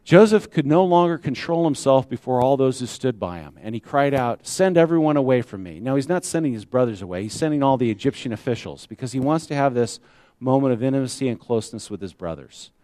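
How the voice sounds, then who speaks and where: A middle-aged man preaching a sermon in a relaxed, conversational way, often asking rhetorical questions. His voice sits at an ordinary pitch. The sound is dry and close, with no room echo. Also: quick pace. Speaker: pastor.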